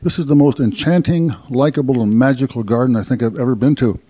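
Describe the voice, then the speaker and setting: A man's voice: medium pitch, quick pace, dark tone, slightly rough. A man hosting a radio gardening show, presenting in a folksy, joking way and interviewing a guest on location. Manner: folksy, jokey, self-deprecating. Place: outdoor castle gardens.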